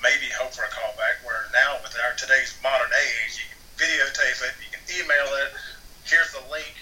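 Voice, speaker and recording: Bright-voiced man telling a rambling story. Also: medium pitch, fairly even intonation, normal speed, recorded from a distance, rough recording. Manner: rambling, repeats words as he restarts sentences. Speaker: actor guest. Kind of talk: casual storytelling. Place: home near Atlanta.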